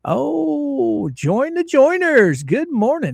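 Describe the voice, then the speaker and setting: A middle-aged man from Florida, hosting a casual livestream and greeting his viewers in a folksy, drawn-out way. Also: very high voice, creaky, no echo, clean studio sound. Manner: folksy, drawn-out greetings, lively ups and downs. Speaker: livestream host.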